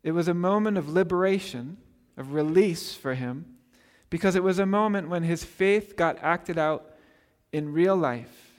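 A man preaching a sermon as pastor, telling the story in a lively way and acting out the people he quotes. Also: fairly high pitch, measured pace. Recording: long hall reverb.

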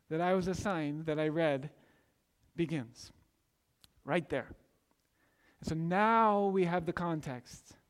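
A man preaching a sermon, retelling a Bible story with animated storytelling and acting out the voices of its characters. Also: high voice. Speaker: pastor. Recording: long hall reverb.

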